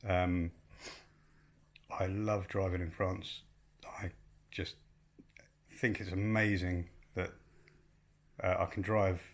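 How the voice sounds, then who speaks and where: Male vlog co-host, low and unhurried, casual chat. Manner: relaxed, unhurried, hesitant with ums. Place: home in rural France.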